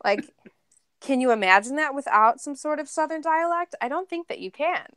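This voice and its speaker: A woman's voice: high voice, expressive, brisk, fairly bright tone, dry recording, studio quality. A woman co-hosting a movie podcast, wry and laughing often in casual chat. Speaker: podcast co-host.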